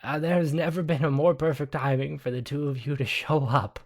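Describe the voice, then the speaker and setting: A man's voice: a little high, steady tone, brisk. A young man narrating as game master in a casual, profane way. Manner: casual, profane, laughing asides.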